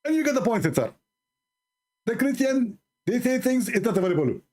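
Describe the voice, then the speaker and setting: A man doing a mocking impression of a pompous, sputtering male preacher in a much higher voice. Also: big pitch swings, brisk, darkish tone.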